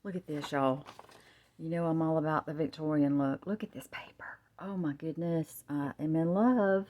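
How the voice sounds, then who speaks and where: Woman, low voice, gushing and half-whispering close to the camera at home. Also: fairly even intonation, moderate pace, dull audio. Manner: gushing, often softly whispering. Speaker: craft vlogger. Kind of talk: show-and-tell craft vlog. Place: home, husband in another room. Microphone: camera held close up.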